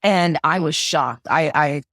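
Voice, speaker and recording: A woman's voice: low-pitched, takes it slowly, a bit bright, dry recording. Guest: woman conductor, middle-aged, emphatic storyteller, stammers when moved, dry close sound. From Los Angeles. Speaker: podcast guest, orchestra conductor. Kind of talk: casual interview storytelling.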